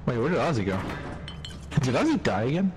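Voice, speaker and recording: Lively young man, swearing gamer friend. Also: medium pitch, fairly quick, background noise. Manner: mock-angry, swearing, reads game text aloud. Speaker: gaming friend. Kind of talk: casual gaming chat.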